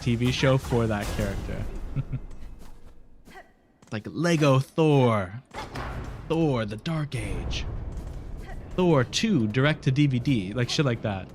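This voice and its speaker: A young man with a nasal, mid-range voice rambles casually while streaming a game, laughing often and swearing now and then. A little hiss or hum sits under the audio.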